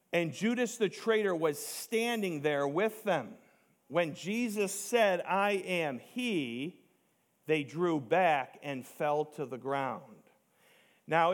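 A man preaching a sermon, emphatic, slowing down to stress key words and rising to near shouts on key points. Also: a little high. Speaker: pastor.

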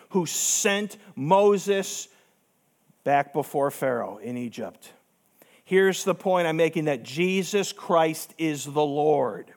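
Male pastor with a high-pitched voice, delivering an emphatic sermon full of rhetorical questions.

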